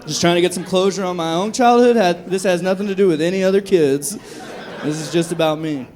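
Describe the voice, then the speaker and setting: High-voiced man doing stand-up comedy. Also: brisk, a faint crowd, a little hiss or hum. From Texas. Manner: profane, dark, self-mocking jokes. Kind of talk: live stand-up set. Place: comedy club stage. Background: audience laughter.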